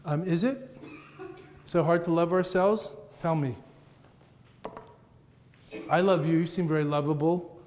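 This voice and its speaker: Male Buddhist teacher, middle-aged, playful and rhythmic, slightly high voice, hall reverb. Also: fairly even intonation, unhurried, pauses often, darkish tone, a little hiss or hum. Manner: playful, rhythmic, laughs at his own jokes. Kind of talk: dharma talk to an audience. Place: large meeting room with audience. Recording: echoey hall, roomy reverb.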